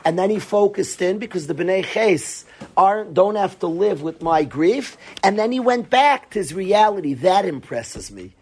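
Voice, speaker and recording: Husky-voiced rabbi lecturing earnestly. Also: male voice, sits high, expressive, normal speed, a little mellow. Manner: earnest, repeats phrases for emphasis. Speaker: rabbi teaching yeshiva students. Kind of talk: Torah lecture to students.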